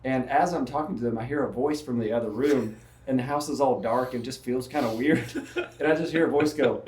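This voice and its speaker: A man's voice: mid-range voice, a little fast, a little mellow, echoey room, slight background noise. A man working as a real estate agent, telling stories in a casual chat and laughing often.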